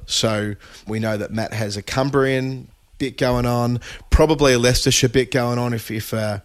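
A man's voice: medium pitch, steady tone, normal speed, no room sound. A man co-hosting a podcast, telling a rambling, self-amused story in casual chat. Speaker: podcast co-host.

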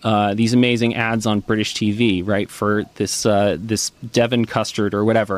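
Male talker, casual explainer, checks in with "right?" a lot, mid-pitched. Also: moderate pace, few pauses, no echo. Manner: animated storyteller, frequent "right?" and "you know".

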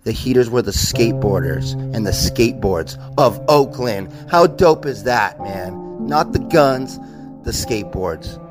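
Excited man giving a speech over music. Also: mid-range voice, measured pace. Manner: excited, shouts his catchphrase. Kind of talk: emotional tribute speech. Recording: speech with loud music behind.

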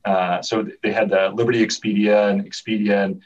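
Man, podcast guest, rapid and animated, husky, heard on a dull, faraway remote line. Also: fairly low pitch. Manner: animated storyteller, many restarts. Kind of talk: casual chat. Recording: dull, distant remote audio.

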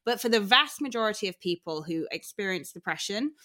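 A woman's voice: medium pitch, animated, a little fast, bright, forceful tone. A woman hosting a podcast, talking frankly in casual chat, swearing freely and laughing easily. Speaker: podcast host.

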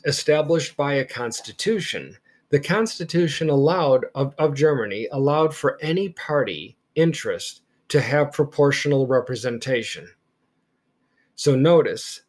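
A man teaching history in a podcast lecture, speaking emphatically and deliberately and stressing key words. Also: medium pitch, a little mellow.

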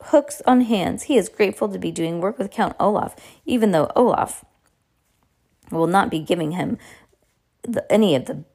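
A woman's voice: mid-range voice, lively intonation, normal speed, creaky, darkish tone, breathy edge. A woman voicing a bossy foreign fortune-teller who speaks broken English and tacks "please" onto her orders. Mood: commanding.

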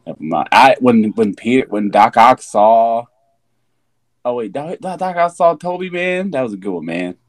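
A laid-back man co-hosting a podcast, chatting about a movie and often tagging lines with "man". His pitch swings freely up and down as he talks. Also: animated, normal speed. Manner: laid-back, repeats himself, ends phrases with "man". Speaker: podcast co-host. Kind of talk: casual movie review chat.

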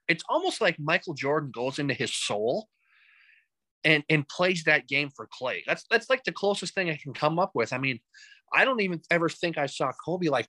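A man co-hosting a podcast, chatting casually about sports with animated, joking stories. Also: fairly high pitch, dry recording, poor audio. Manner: animated storytelling with joking asides. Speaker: podcast co-host.

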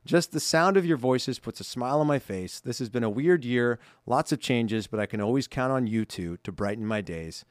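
A man's voice: medium pitch, expressive, normal speed, hardly any pauses, no echo. Guy on a podcast reading fan mail, chatty, laughs a lot, dry studio mic. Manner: chatty, laughs often, self-correcting. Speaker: podcast co-host. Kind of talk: casual chat, reading listener cards aloud. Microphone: studio microphone.

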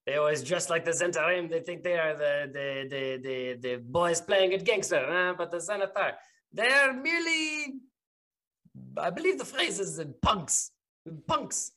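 A man voicing a stern, suspicious woman guard captain who speaks with clipped, foreign-sounding phrasing and ends questions with a sharp "huh?". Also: high-pitched, lively intonation, unhurried, voice pushed up, heavily acted. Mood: conspiratorial.

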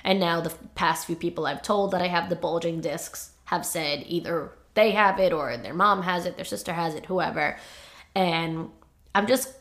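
A woman's voice: lowish voice, moderate pace, a bit bright. A young woman hosting a podcast, confiding about her life in a rambling way, still choked up from crying. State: choked up, tearful. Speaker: podcast host. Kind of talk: casual personal monologue.

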